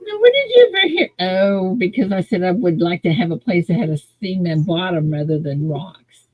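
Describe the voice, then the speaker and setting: Woman, live-show host, lively playful banter, slightly breathy voice. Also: lowish voice, moderate pace, dry recording, dull audio. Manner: laughing, playfully defensive banter. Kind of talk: casual live-stream chat.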